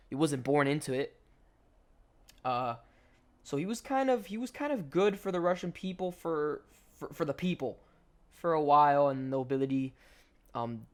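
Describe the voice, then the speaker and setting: A young adult man, a gaming commentator, telling a story in a rambling, slangy way, full of restarts over gameplay. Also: mid-range voice.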